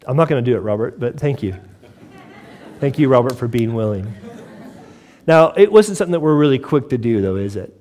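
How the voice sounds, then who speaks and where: A male pastor delivering a sermon to his congregation, lively and joking, often asking rhetorical questions. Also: medium pitch, fairly quick, long pauses. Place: church before a congregation.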